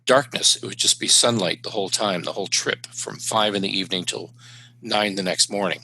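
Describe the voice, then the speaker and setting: A man's voice: low voice, a little fast, bright, forceful tone, low-quality recording. A middle-aged man from Canada, a stand-up comedian telling wry road stories with punchlines in a casual chat. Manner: anecdotal, wry, with punchline delivery.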